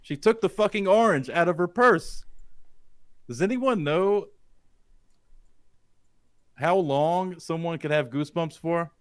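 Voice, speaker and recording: A man's voice: fairly high pitch, slow, long pauses, clean tone, no echo. A man co-hosting a podcast, telling a creepy first-person story with lots of swearing and questions to the listeners to build suspense. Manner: suspenseful, profane, asks the audience questions. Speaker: podcast co-host. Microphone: studio dynamic mic.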